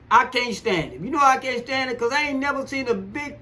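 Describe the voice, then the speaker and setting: High bright-voiced older man, blunt. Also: expressive, a little fast, few pauses. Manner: blunt, rambling, laughs often. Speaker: podcast co-host, father. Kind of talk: casual sports chat.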